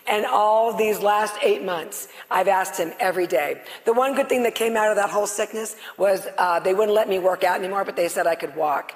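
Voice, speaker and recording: A middle-aged woman on stage, giving a loud, passionate, excitable testimony to a live audience. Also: mid-range voice, brisk, few pauses. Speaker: guest speaker sharing her healing testimony. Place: on stage before a live audience in a large hall. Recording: long reverb of a large hall.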